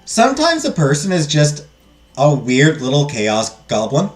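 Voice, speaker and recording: Lively, chatty man reading a game aloud. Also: a little high, measured pace, soft background music. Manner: joking, chatty asides to viewers. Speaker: let's play host.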